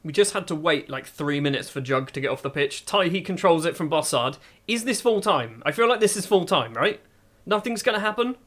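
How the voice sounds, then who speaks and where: Excitable man calling game matches. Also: fairly high pitch, brisk. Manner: excitable play-by-play, musing aloud. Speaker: gaming YouTuber. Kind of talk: football management game commentary.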